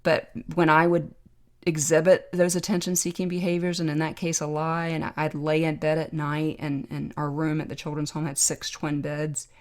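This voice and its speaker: A middle-aged woman hosting a podcast, telling a personal story in a reflective, emotional way with pauses. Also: sits low, level tone. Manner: reflective, emotional, pausing to remember. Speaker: podcast host, trauma doctor.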